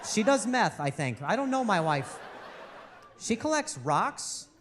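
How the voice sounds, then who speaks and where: A man performing stand-up, his voice sitting high and swooping widely as he tells a story. His delivery is exasperated and mock-outraged, with a faint hum of noise behind him. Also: sing-song, a little slow, a bit bright. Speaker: stand-up comedian. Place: live comedy stage before an audience.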